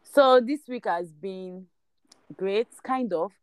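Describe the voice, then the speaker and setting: A woman in her twenties with a Nigerian accent, co-hosting a casual chat podcast and talking in a lively way with quick asides. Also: mid-range voice, clear, resonant tone, no room sound. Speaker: podcast co-host.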